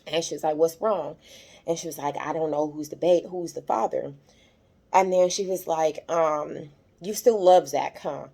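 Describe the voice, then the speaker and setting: Recapping a TV episode for her YouTube channel, this young woman speaks at a moderate pace in a low, creaky, mellow voice. She retells scenes with lots of fillers, quoting the characters, and her voice climbs when she's moved.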